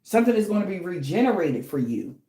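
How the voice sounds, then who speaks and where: A woman's voice: on the low side, sing-song, quick pace, mellow. Woman reader, casual spiritual reading, blunt and profane, slangy, in a roomy echoing space. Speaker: tarot reader.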